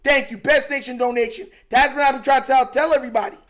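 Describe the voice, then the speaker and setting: High-voiced excitable young streamer man. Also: quick pace. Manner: excitable, reads out donations, argues with himself. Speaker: streamer hosting a live game watch-along. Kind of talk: casual fan commentary over a live broadcast.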